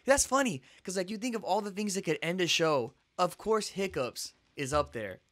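A man's voice: high voice, animated, normal speed, fairly bright tone, no echo. A young man co-hosting a podcast, joking around and slipping into little put-on voices. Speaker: podcast co-host. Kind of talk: casual reaction chat.

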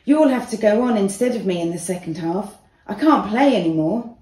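A woman's voice: mid-range voice, expressive, normal speed, dark tone, far from the mic, lightly acted. A woman voicing a friendly, injured boy footballer who talks in a matter-of-fact way, in a roomy recording. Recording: roomy echo.

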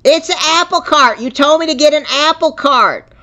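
A man's voice: very high-pitched, normal speed, bright, forceful tone. A man putting on Betty, a flustered old woman. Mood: chatty, insistent. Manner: rambling, exasperated, repeats herself. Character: older woman, flustered and easily confused. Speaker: scam baiter. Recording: muffled phone-call audio.

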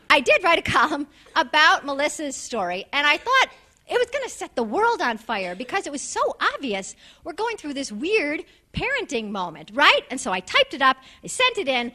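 A middle-aged American woman with a New York accent tells a funny story to an audience, doing voices and tossing in quick asides. Her voice sits high and sounds bright and forceful.

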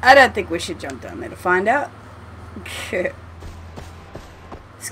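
A woman's voice: medium pitch, lively intonation, unhurried, long pauses, a bit bright, slight background noise. A woman commentating her gameplay at home, chatty and swearing freely as she talks to the game. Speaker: gameplay streamer. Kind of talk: let's play commentary.

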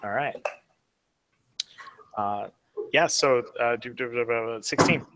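A man's voice: mid-range voice, takes it slowly, a bit bright. A man playing a tabletop game, announcing his actions hesitantly with fillers. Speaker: player. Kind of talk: casual tabletop play.

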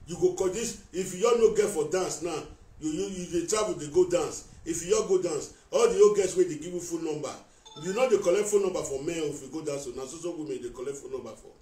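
A man with a Nigerian Pidgin accent rants on a live stream, accusing and calling out someone he speaks to directly. His voice sits fairly high and repeats points in bursts. It sounds like he is some way from the mic in a bare, echoey room. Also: fast talker, a little mellow, recorded from a distance, faint music behind. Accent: Nigerian Pidgin English. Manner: accusatory, repetitive, talking straight at someone. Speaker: vlogger addressing a rival on a live video. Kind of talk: heated live-stream rant.

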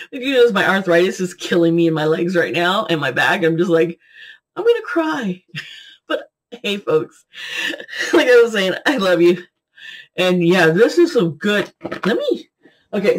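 A woman's voice: fairly low pitch, husky. A middle-aged woman talking to her viewers in a rambling, chatty vlog, giggling and jumping between topics as she reviews lipstick. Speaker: beauty and tarot vlogger. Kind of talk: rambling casual vlog chat.

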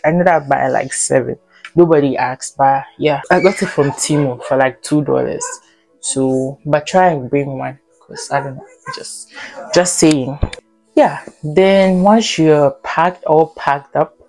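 A woman's voice: extremely low pitch, darkish tone, no echo. A young woman from Ghana giving casual travel advice in a vlog, chatty and laughing often, sometimes acting out airport conversations in a raised voice. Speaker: vlogger.

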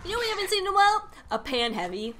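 Bright, jokey woman esports caster. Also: extremely high pitch, very animated, rapid-fire, slight background noise. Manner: jokey, riffing between plays. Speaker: esports commentator. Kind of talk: casual game commentary.

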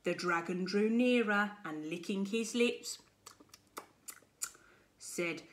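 A woman primary school teacher reading a picture book aloud to children with expressive storytelling. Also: medium pitch, a little hiss or hum. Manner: expressive, slow and deliberate storytelling.

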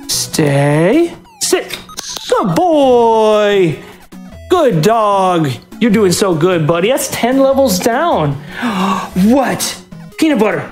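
A speedrunner at a live event stage giving a dog short coaxing commands and chatting excitedly about the run. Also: medium pitch.

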